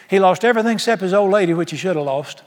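A man's voice: high-pitched, animated, very fast, long reverb tail. A man preaching a sermon in a large church, folksy and emphatic, firing rhetorical questions at the congregation. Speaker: pastor.

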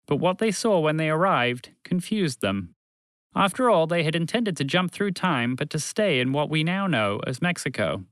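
Male storyteller, lively, higher voice, dry close recording. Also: moderate pace, dry recording. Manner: animated, expressive reading. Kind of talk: scripted children's story narration.

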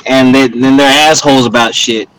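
A man bantering loudly with friends in a casual group chat, quick to exclaim. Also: mid-range voice, fairly even intonation, distant mic, slight background noise, rough recording. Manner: loud, joking, quick to exclaim.

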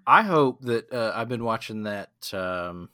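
A man's voice: lowish voice, animated, unhurried, pushed and bright, clean tone, no room sound, clean studio sound. A man hosting a casual comedy podcast with friends, rambling with lots of fillers. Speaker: podcast host.

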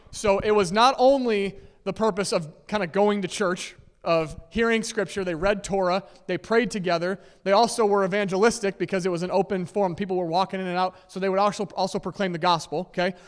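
This male pastor's voice is high and clean, carried by the long reverb of a big church sanctuary. Preaching conversationally, he checks in with his listeners often through "okay?" and "right?" and laughs lightly between points.

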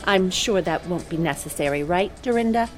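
A woman's voice: lowish voice, lively intonation, moderate pace, faint music behind, pitched below the performer's own voice, lightly acted. A woman voicing a bossy rich hostess. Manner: curt, commanding. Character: bossy wealthy female party hostess.

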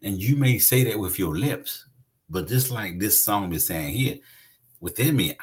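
A man's voice: on the low side, expressive, a little slow. A man preaching a conversational sermon, emphatic and repeating his phrases for weight.

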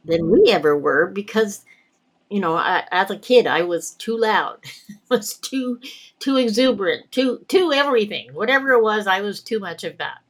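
A woman's voice: mid-range voice, lively intonation, normal speed. A middle-aged woman from Canada, telling personal stories in a podcast conversation and often laughing between words. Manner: reflective, laughs often mid-sentence. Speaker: guest.

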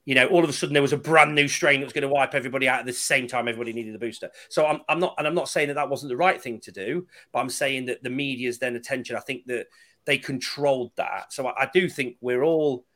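Brisk guy, sharp tone, sardonic storyteller in casual chat. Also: mid-range voice. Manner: animated, sardonic storyteller, swears freely.

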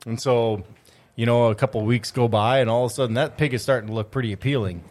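A man's voice: mid-range voice, fairly even intonation, fast talker, darkish tone. A man with an Upper Midwest American accent, easygoing and dry-humored, chatting casually and telling a joke in a studio. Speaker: studio host.

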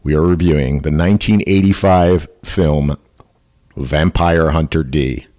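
A man hosting a casual podcast, joking around and reading notes in quick bursts. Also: a bass voice, mellow. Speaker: podcast host.

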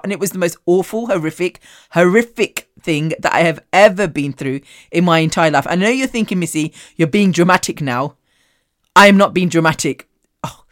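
A woman hosting a podcast, telling a story in a loud, animated and sweary way. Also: on the low side, dry recording, clean studio sound. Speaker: podcast host. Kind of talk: casual storytelling monologue.

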